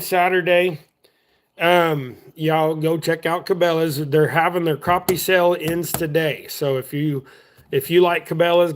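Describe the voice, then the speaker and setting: A chatty man with a drawl rambles easily through a live stream. His voice sits a little higher than most men's, and he talks in a relaxed, offhand way. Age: adult. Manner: chatty, drawling, easygoing, talks while working with his hands. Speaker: livestream host. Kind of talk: casual rambling livestream chat.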